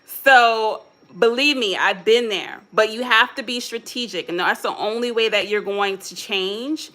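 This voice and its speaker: A woman's voice: mid-range voice, moderate pace, pushed and bright. A woman with a mixed Philadelphia and Chicago American accent, hosting a live motivational talk in a casual, candid way and speaking straight to her viewers. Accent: American English, Philadelphia and Chicago mix. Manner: casual, candid, self-coaching with quoted self-talk. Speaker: motivational host.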